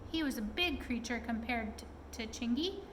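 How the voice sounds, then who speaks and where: Storyteller: woman reading a children's book aloud, expressive, voice high-pitched. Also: moderate pace, a little hiss or hum, low-quality recording. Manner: expressive, asks listeners questions.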